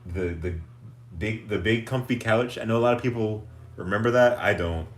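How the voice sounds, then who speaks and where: A man hosting a livestream in casual chat, goofy and animated, laughing often. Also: on the low side, normal speed, echoey room. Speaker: livestream host.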